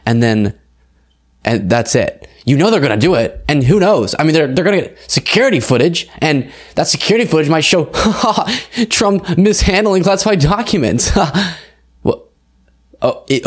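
A young man hosting his own online political commentary show, talking casually and sounding incredulous, with frequent fillers. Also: mid-range voice. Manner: conversational, incredulous, with fillers and laughs.

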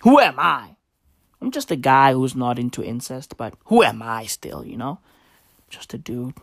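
A woman's voice: extremely low pitch, expressive, measured pace, gravelly, dry recording, studio quality. A woman doing a rambling, profane comic monologue in a slangy dude persona.

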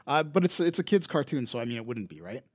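A man's voice: medium pitch, very animated, quick pace, darkish tone, slightly rough, dry recording. Rambling Canadian man, dry close sound. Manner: rambling, many fillers and restarts. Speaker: podcast co-host. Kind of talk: casual chat.

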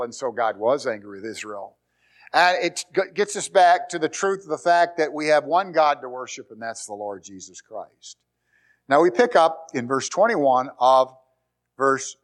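Male preacher telling a lively sermon. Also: a little high. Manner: animated storytelling, reads scripture aloud. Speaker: pastor.

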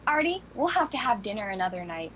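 An actress playing a childlike, eager adult daughter who coaxes and pleads in run-on sentences. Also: female voice, medium pitch, very animated, quick pace, a bit bright, a little hiss or hum, rough recording. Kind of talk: film drama acting.

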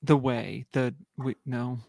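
A man's voice: medium pitch, fairly even intonation, slow pace, vocal fry, a little mellow, dry recording, studio quality. A man who is a guest on a casual podcast, thinking aloud with hesitant restarts and chuckles. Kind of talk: casual chat.

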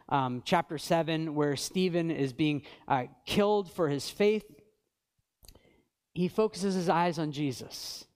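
A man in his thirties preaching a sermon as pastor, reading scripture with emphasis and swinging between fervent peaks and quiet lows. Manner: earnest, builds to fervent peaks then drops quiet; reads scripture aloud with emphasis.

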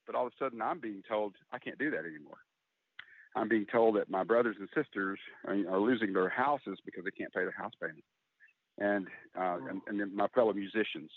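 A middle-aged man, a country singer interviewed as a guest, speaking openly and earnestly in a halting, candid way. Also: on the low side, no echo. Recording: tinny phone-like line, dry.

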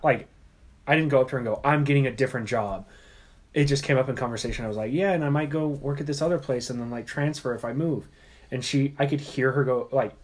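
A young man with a slightly husky voice, talking casually among friends. He rambles, padding his talk with "like" and "I mean." He sounds relaxed and unhurried. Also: mid-range voice. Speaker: restaurant busser.

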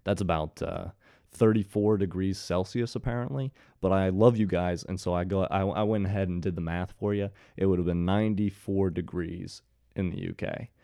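Deep-voiced man telling a story with jokey asides. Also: fairly even intonation, normal speed, creaky, warm tone, dry recording, studio quality. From Ohio, USA. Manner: jokey, sarcastic asides to the audience. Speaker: commentary host. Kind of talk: casual storytelling commentary.

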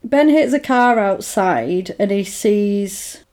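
A woman in relaxed conversation, recapping a film plot at length. She talks in a casual, rambling way, with plenty of fillers, and slips into the characters' voices when she quotes them. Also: mid-range voice, slow pace. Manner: chatty retelling with lots of "like" and "basically", acting out characters' lines. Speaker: podcast co-host recapping a film. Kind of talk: casual chat.

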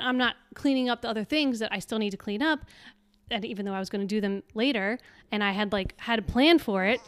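Young woman co-host, casual chat, smooth and clear, acts out quotes as she tells it. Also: a little high, fairly quick, no echo. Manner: animated storytelling, acting out quotes. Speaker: podcast co-host.

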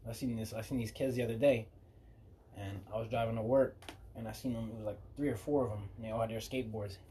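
A man hosting a podcast, telling loose, profane stories in a casual, animated way. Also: lowish voice, fast, a little hiss or hum. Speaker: podcast host.

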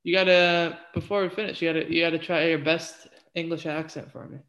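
A woman's voice: deep voice, flat delivery, fairly quick, a bit bright, poor audio. A woman guesting on a casual podcast chat, laid-back and a bit hesitant.

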